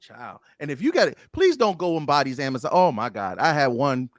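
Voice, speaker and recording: Man, casual podcast guest, playful animated storyteller, dry mic. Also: medium pitch, fairly quick, no room sound. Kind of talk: candid casual chat.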